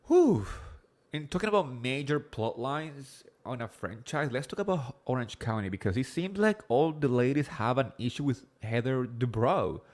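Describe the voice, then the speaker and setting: A man with an accent hosting a casual live recap chat, rambling quickly with lots of fillers and swearing freely. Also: medium pitch, expressive. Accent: non-native English accent. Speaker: host of a reality TV recap show.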